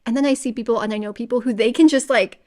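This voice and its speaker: Chatty, animated woman podcast co-host. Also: on the high side, quick pace. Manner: chatty, animated, lots of fillers and acted-out inner voices. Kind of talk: casual book-club chat.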